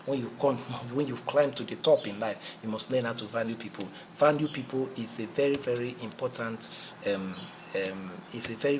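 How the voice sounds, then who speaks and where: An earnest male motivational speaker with a mid-range voice talks in a repetitive, preacherly way, often circling back over his own phrases. A faint hiss sits under the recording. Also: medium pitch. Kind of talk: motivational talk.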